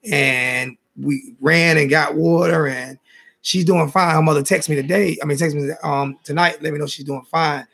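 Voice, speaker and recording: Gravelly man hosting a call-in show. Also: on the high side, steady tone, normal speed, fairly bright tone. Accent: Southern US. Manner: loose, repetitive, stumbling restarts. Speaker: host of a fan call-in show. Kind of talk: casual call-in chat.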